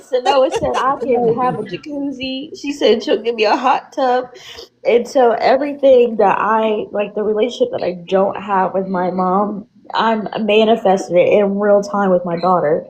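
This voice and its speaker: A woman's voice: medium pitch, normal speed, a little mellow, highs cut off, slight background noise. A woman guest telling personal stories in a casual chat, earnest and full of "you know" fillers.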